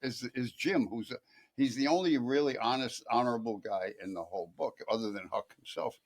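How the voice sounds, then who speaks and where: Halting man chatting on a talk show. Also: medium pitch. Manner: halting, restarts often. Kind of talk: casual chat. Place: local TV studio.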